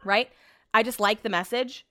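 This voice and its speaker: A woman's voice: a little high, moderate pace, pushed and bright, dry recording. A woman chatting casually at home as a vlog host, sarcastic and swearing freely. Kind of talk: casual chat.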